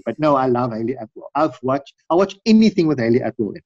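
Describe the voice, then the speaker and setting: Rambling, animated man telling stories. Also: fast, hardly any pauses, no echo. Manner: rambling storyteller, acts out quotes in high voices. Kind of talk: casual chat. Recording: dull dry recording.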